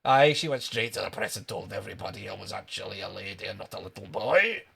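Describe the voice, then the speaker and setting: A man voicing a cranky, wrinkly little Scottish man who claims to be a boy, in a high put-on voice with a Scottish accent, telling tall tales. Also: lively intonation, quick pace, gravelly, sharp tone, slightly rough, heavily acted. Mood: wistful. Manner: boastful, rambling tall tales. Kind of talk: improvised street comedy bit.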